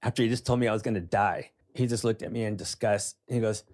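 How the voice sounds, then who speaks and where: A man's voice: on the low side, steady tone, fast, few pauses, darkish tone. A man in his forties telling a hard personal story in plain, conversational words, full of "you know" fillers and at times close to tears. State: emotional, near tears at times. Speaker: podcast guest.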